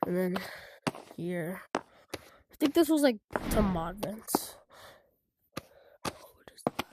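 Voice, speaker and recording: A game developer shows off a game she built, thinking out loud as she plays, her sentences trailing off and starting over and often sinking to a murmur. Her mid-range voice has a lively lilt and an unhurried pace. The clip is very noisy, with loud music playing behind her.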